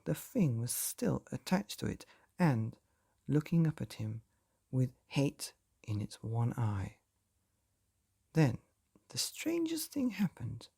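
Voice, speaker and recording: Male bedtime story reader, gravelly, husky, dark warm tone, slow. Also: a little high, no echo, studio quality. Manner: lively, expressive storytelling.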